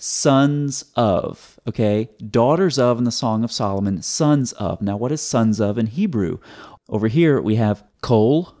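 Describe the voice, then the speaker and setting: A mid-pitched man hosts his own video and explains the point step by step for his viewers. He sounds sarcastic, often repeating words as he restarts a sentence. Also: animated, a little slow, a little mellow. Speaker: host. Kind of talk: teaching commentary.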